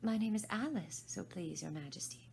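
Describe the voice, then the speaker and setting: A woman voicing a polite but bold young girl in a storybook reading, lifting her voice higher. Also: lively intonation, moderate pace, slight background noise. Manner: higher, bright and crisp.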